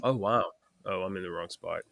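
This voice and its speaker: A man co-hosting a casual podcast, talking in a relaxed, rambling way with lots of fillers. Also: low voice, a little fast, creaky. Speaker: podcast co-host. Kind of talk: casual chat.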